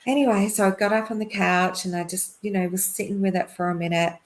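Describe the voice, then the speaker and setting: A middle-aged woman, a podcast guest, telling a personal story in a chatty way, with lots of fillers and quick laughs. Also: fairly low pitch, fairly even intonation. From Australia. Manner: chatty, laughs often, many fillers and restarts.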